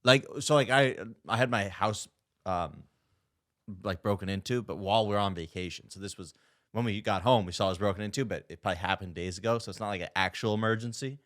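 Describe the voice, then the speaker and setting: A man's voice: on the low side, fast, fairly bright tone. A young man co-hosting a casual podcast, laid-back, dropping dry one-liners between stories. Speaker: podcast co-host. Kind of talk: casual chat.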